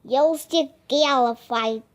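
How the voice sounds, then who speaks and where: A woman voicing a gruff, greedy one-eyed pirate captain in a storybook read-aloud, growling slowly with menace. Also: sits high. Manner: growling, slow and drawn out.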